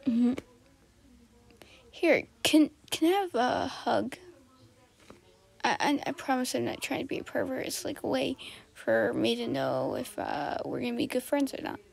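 A woman's voice: high-pitched, expressive, a little slow, creaky, long pauses, a little mellow, slightly rough, exaggerated voice. A woman playing a flirty laid-back guy. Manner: casual, coaxing invitations. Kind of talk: fan audio role-play.

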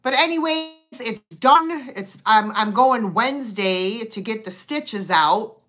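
A woman's voice: fairly high pitch, expressive, slow. A middle-aged woman hosting a live online sale, chatting casually and rambling as she greets viewers by name. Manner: chatty and rambling, with many fillers and warm greetings.

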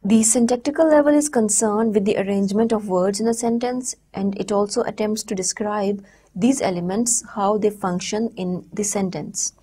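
A woman giving a recorded university lecture, explaining step by step in a measured way with frequent pauses. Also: mid-range voice, dark tone, breathy edge.

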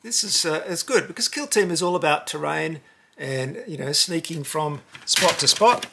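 A man hosting a casual unboxing video, talking in an animated way with exaggerated cheers and bursts of mock outrage. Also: a little high, normal speed, creaky, slightly rough. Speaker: host.

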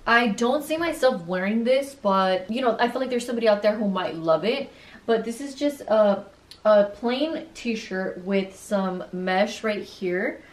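A woman's voice: medium pitch, lively intonation, a little slow, roomy sound. A young woman vlogger chatting casually through a haul video, bubbly and slangy, swearing freely.

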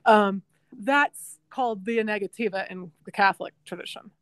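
A woman's voice: mid-range voice, normal speed, a bit bright, no room sound. A woman speaking as a guest in a casual philosophical conversation, musing and filling her talk with little giggles. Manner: musing, lots of fillers and giggles. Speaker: guest physicist.

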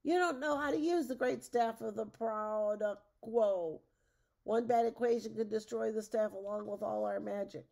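A woman voicing an angry male villain sorcerer in a storybook read-aloud, yelling and bellowing. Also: on the high side, moderate pace, creaky, pitched above the performer's own voice.

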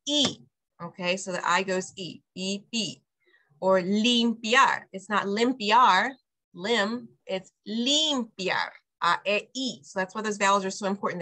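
A woman's voice: mid-range voice, bright, forceful tone. A middle-aged woman, a preschool director, teaching parents Spanish words over a video call, explaining patiently and laughing often. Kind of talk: online Spanish lesson for parents.

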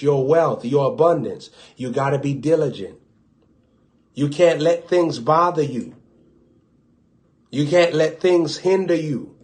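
Man preacher, Southern US accent, fervent sermon delivery that drops to hushed asides, slightly higher voice.

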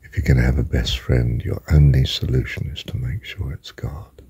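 An older man giving an emphatic spiritual talk, slow and deliberate, sometimes dropping to a hushed whisper. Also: steady tone, no room sound. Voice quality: very deep gravelly voice. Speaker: religious teacher.

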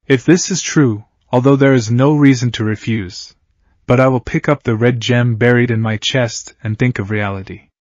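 A man reads a fantasy audiobook aloud in a steady, level manner. His mid-pitched voice sits close and dry, with no room around it. The sound is slightly muffled and dull. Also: no room sound. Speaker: audiobook narrator. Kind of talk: reading a translated fantasy novel aloud.

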